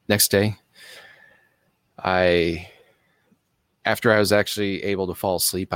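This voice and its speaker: A man telling a personal story in an earnest, halting way, pausing and restarting as he explains things slowly. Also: deep voice, no echo, studio quality. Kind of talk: personal story told to camera.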